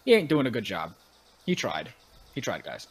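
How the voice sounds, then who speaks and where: A man's voice: on the low side, huge pitch swings, normal speed, slightly rough, rough recording. A man narrating as game master in a casual online tabletop game, loose and rambling. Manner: loose and rambling, with many fillers.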